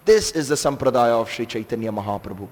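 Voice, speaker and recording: A man giving a scripture class to a seated audience in a temple hall, telling stories in an animated, emphatic way with some hesitant fillers. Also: mid-range voice, quick pace. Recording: long reverb of a large hall.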